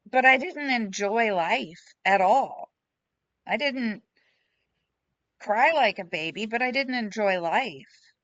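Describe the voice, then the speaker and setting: A woman's voice: fairly high pitch, expressive, takes it slowly, long pauses, a bit bright, no echo. A woman sharing her story frankly and emotionally in a group chat, blunt and self-deprecating, speaking from home over a video call. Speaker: support group member. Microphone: computer mic on a video call. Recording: slightly dull video call audio.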